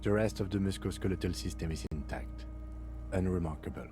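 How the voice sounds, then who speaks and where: A man playing a calm, methodical police lieutenant in a video game, dictating an autopsy in a measured, dry way. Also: sits low, natural voice. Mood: calm, clinical. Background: faint game music.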